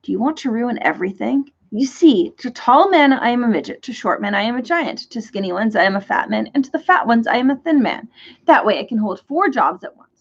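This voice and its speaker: Brief: woman playing fussy, forgetful storybook man, high and bright, dull lo-fi sound. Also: expressive, a little fast, breathy edge. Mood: cheery. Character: cheerful, muddled ordinary man of four jobs. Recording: dull lo-fi recording.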